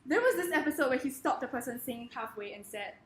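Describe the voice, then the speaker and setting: A woman giving a comedic presentation in a wry, deadpan manner. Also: high voice, quick pace, echoey room, a little hiss or hum.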